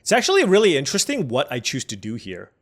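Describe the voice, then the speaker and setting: A man's voice: mid-range voice, huge pitch swings, fast talker, fairly bright tone. A man streaming a digital card game, chatty and musing aloud over each play as he weighs his options. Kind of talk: thinking aloud while playing.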